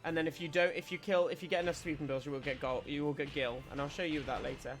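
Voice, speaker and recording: A man's voice: a little high, steady tone, quick pace, faint music behind. A man streaming a video game, giving casual commentary as he explains tactics, often restarting his sentences.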